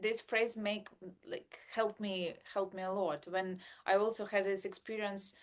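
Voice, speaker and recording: A woman's voice: medium pitch, steady tone, a little slow. A woman, a mother of a baby, talking in a casual podcast chat, hesitating and searching for simple words as she speaks.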